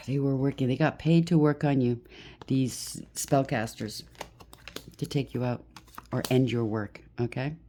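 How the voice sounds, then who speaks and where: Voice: mid-range voice, steady tone, a little slow, long pauses, dark tone, a little hiss or hum. A tarot reader giving a casual, blunt and emphatic reading, stacking up lists of labels.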